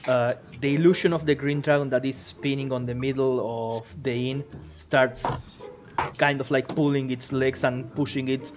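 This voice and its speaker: A man's voice: mid-range voice, level tone, normal speed, noisy background. A man narrating as game master, rambling with restarts and frequent laughs. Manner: rambling, many fillers and restarts, laughs often.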